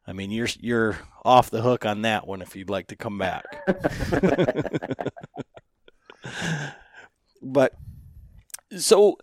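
Man, podcast host, mid pitch, dry recording, hesitant, filler-heavy, friendly. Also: no echo. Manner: hesitant, many ums and restarts, friendly laughs. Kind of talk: casual interview questions.

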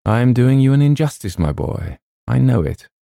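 A man playing a stern, protective old colonel who speaks in a grave, slow and menacing way. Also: mid-range voice, expressive, creaky, dark tone, no room sound, studio quality, pitched above the performer's own voice. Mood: kindly.

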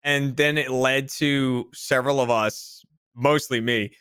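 A man's voice: medium pitch, measured pace, smooth, dry recording, clean studio sound. A man chatting casually on a podcast, telling a story with lots of laughter. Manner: animated storyteller who laughs mid-sentence. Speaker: podcast regular. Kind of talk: casual chat.

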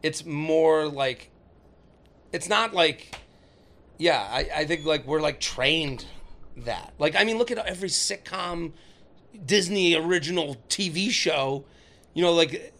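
Man, 30s, comedian guest: slightly high, gravelly, rambling and filler-heavy, acts out quotes. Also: slow pace, pauses often, fairly bright tone. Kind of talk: casual podcast chat.

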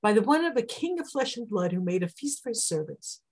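A woman's voice: mid-range voice, very animated, fairly quick, a little mellow, slightly rough. A woman teaching a Torah class in a conversational, heartfelt way. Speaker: Bible teacher.

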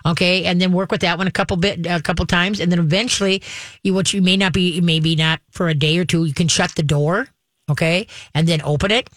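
A female call-in radio host coaches callers on training their dogs, laying out each step in a brisk, instructive way and often asking "okay?" She sounds fairly low with a steady tone, and the recording is dry.

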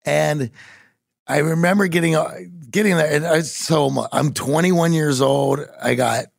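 A man from Pittsburgh telling stories in a podcast conversation, animated and growing emphatic at times. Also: fairly high pitch, measured pace, dry recording, clean studio sound. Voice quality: gravelly. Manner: animated storyteller, rising to emphatic bursts.

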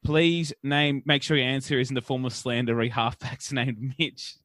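A man's voice: mid-range voice, steady tone, normal speed, a bit bright, no echo, clean studio sound. A man co-hosting a sports podcast, rambling and swearing as he tells stories in casual chat. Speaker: podcast co-host.

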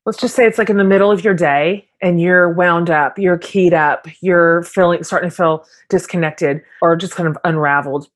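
A woman hosting a podcast, talking loosely and warmly, with plenty of "like" and quick agreement. Her voice sits on the lower side and the talk is relaxed and conversational. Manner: warm, enthusiastic, filler-heavy questions. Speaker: podcast host. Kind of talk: casual interview chat.

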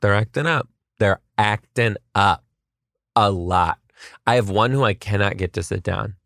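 A lowish, gravelly man spins funny tales from his kindergarten classroom, quick with self-mocking jokes and dramatic asides. His voice sits dry and close to the mic, with no room sound around it. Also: fairly bright tone, no room sound. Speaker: kindergarten teacher. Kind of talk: comedic storytelling vlog.

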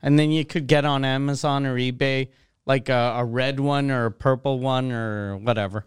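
A man's voice: medium pitch, steady tone, normal speed, smooth, no room sound, clean studio sound. A man co-hosting a casual chat, reacting bluntly and swearing freely.

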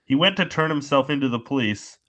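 A man co-hosting a casual podcast, deadpan as he tells an odd news story. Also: mid-range voice, fairly quick. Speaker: podcast co-host.

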